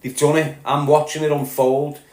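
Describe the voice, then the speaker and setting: A man's voice: on the high side, little pitch movement, normal speed, reverberant. Angry sweary Liverpool man ranting. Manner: heated, sweary, rising to shouting. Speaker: podcast host. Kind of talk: angry monologue rant.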